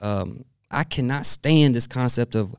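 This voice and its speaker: Smooth-voiced middle-aged man telling stories. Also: medium pitch, measured pace, no echo, clean studio sound. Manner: storytelling, animated, laughs often. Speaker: guest expert. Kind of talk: podcast interview conversation.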